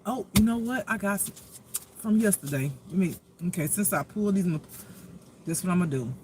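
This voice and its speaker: A spiritual intuitive reader chatting casually, praying and pulling cards in a slow, drawn-out, prayerful way. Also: mid-range voice, lively intonation, a little mellow, slight background noise. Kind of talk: casual chat and card reading.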